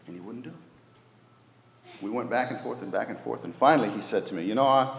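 A man preaching a sermon as pastor, moving between loud urgent pleading and hushed near-whispers. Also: on the low side, sing-song, fairly quick, vocal fry, roomy sound, long reverb tail. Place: church sanctuary.

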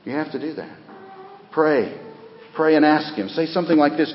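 Middle-aged pastor preaching in a hall. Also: male voice, on the high side, moderate pace, pauses often, lo-fi sound. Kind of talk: sermon. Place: church sanctuary.

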